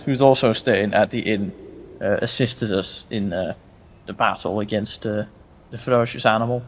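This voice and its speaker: A man's voice: on the low side, moderate pace, lo-fi sound. A man playing in a tabletop role-playing game, speaking hesitantly with many fillers. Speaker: player. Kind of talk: in-character tabletop play.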